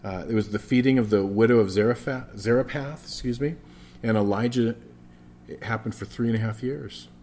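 A man's voice: on the low side, fairly quick, mellow, a little hiss or hum. A man preaching a sermon as a pastor, emphatic, repeating phrases for stress and often restarting his words.

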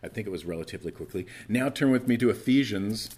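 A man preaching a sermon as pastor, earnest and conversational, stumbling over restarts and swinging between loud emphasis and quiet asides. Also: on the low side, lively intonation, quick pace, slightly rough.

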